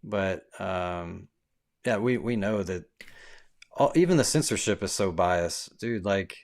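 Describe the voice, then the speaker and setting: A man's voice: low-pitched, animated, takes it slowly. A man who runs a ministry, talking as a podcast guest in a casual, earnest way, full of "like" and "dude". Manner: earnest, storytelling, fillers like "dude" and "like". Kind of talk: casual chat.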